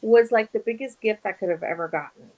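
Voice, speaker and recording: A woman's voice: mid-range voice, fairly quick, poor audio. A young woman guest in a casual interview, animatedly telling stories and acting out quoted dialogue. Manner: animated, acts out quoted dialogue, laughs often. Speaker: guest actress.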